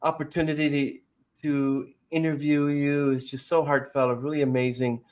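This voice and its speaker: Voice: medium pitch, level tone, moderate pace, a little mellow. A podcast host who asks interview questions with earnest, gushing praise.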